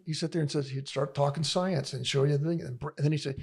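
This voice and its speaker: A man's voice: fairly high pitch, level tone, quick pace, vocal fry, a little mellow, breathy edge. An older man as a podcast guest, telling a long, rambling story in casual conversation, full of restarts and laughs.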